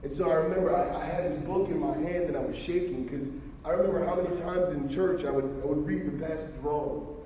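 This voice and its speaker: A motivational speaker telling personal stories at a school assembly, with emphatic delivery that drops to a hush. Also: male voice, fairly high pitch, fairly even intonation, a little fast, highs cut off, crowd noise. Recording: roomy reverb, distant from the mic.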